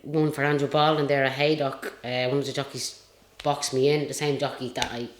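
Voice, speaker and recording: A woman's voice: extremely low pitch, little pitch movement, brisk. An Irish woman and retired jockey telling stories in a casual interview, rambling and chatty with lots of fillers. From Ireland. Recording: roomy echo.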